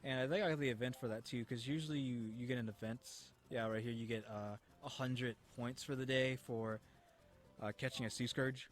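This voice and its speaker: A man's voice: mid-range voice, fairly even intonation, brisk. Rambling young gamer guy. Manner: rambling and chatty, lots of fillers and restarts. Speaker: gaming YouTuber. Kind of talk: casual gameplay commentary.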